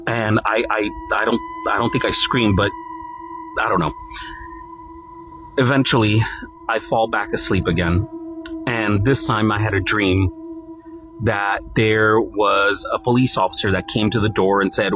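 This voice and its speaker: A man earnestly retelling his own creepy experience in a halting, first-person storytime. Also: lowish voice, steady tone, rough recording. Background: clear background music.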